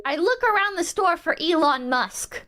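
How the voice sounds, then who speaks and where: A woman reading her moves aloud in a text adventure game, deadpan and deliberate. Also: extremely high pitch.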